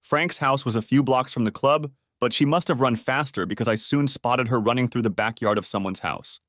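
A man narrating a dramatic first-person story in an expressive way, close to the mic. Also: mid-range voice, fairly quick, no echo.

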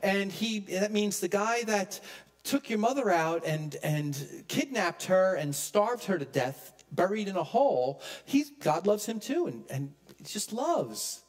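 A man preaching a sermon as pastor, emphatic, swinging from loud peaks to hushed low lines. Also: expressive, a little slow. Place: church.

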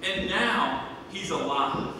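A man's voice: sits high, expressive, slow pace, noisy background. Man in his thirties preaching in an echoey hall. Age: 30s. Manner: swings between hushed and loud, emphatic. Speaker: pastor. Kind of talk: sermon. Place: church sanctuary. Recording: echoey church hall from a distant mic.

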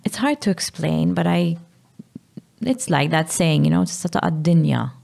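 A Maltese woman in her thirties, speaking candidly as a podcast guest, halting and sometimes dropping to a whisper. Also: deep voice, expressive, creaky, darkish tone. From Malta. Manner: halting, drops to a whisper at times. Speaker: guest, mother.

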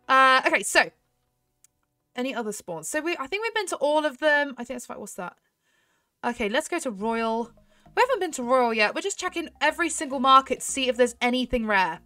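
A young woman chatting excitedly to her viewers while she plays a horse game, giggling often. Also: high-pitched, no echo. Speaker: gaming YouTuber. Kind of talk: casual gameplay commentary.

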